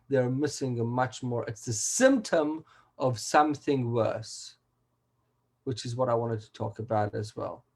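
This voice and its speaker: Male rabbi, emphatic lecturer, mid-pitched voice, video-call lesson. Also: darkish tone, poor audio. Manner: earnest, emphatic, with Hebrew terms. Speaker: rabbi teaching a weekly class. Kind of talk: Torah class lecture.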